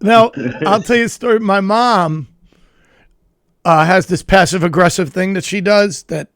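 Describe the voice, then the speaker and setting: A man's voice: sits high, a little slow, a bit bright, dry recording, studio quality. A man co-hosting a comedy talk show, telling stories in a laughing, casual way. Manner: laughing storyteller. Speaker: podcast co-host.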